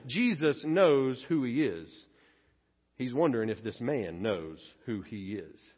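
A man's voice: medium pitch, expressive, slow pace, slightly rough. A pastor preaching a sermon, earnest and emphatic, who often acts out the people he quotes. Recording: long reverb, dull lo-fi sound.

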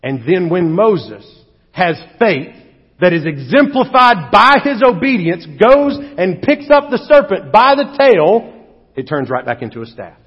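A male pastor preaching a sermon with animated, humorous storytelling, recorded in a church hall. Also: sits high, measured pace, husky. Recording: dull echoey hall recording.

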